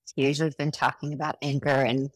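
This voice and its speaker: A woman's voice: a bass voice, little pitch movement, brisk, no echo. A woman hosting a podcast, who reflects on what she hears and asks thoughtful questions. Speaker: podcast host. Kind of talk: podcast interview.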